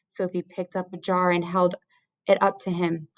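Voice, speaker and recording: Lower-voiced woman reading a storybook. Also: level tone, no echo. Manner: measured storytelling. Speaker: teacher. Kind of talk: reading a children's book aloud.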